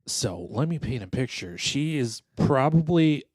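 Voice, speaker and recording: A man's voice: medium pitch, lively intonation, measured pace, darkish tone. Dry-humored man rambling on a podcast. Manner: dry, self-deprecating, rambling with fillers. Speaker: podcast co-host. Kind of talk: casual podcast banter.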